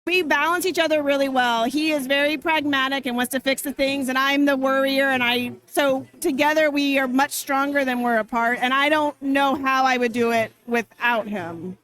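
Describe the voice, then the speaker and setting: A woman's voice: high-pitched, steady tone, moderate pace, few pauses, fairly bright tone, poor audio. A middle-aged woman speaking as a guest in an interview, sincere and reflective. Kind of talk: casual interview.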